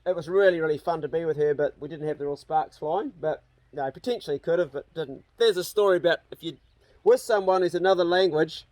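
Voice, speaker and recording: Animated New man, fairly high voice. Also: brisk, no room sound. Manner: animated yarn-spinning with swearing. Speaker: host. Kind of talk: casual chat.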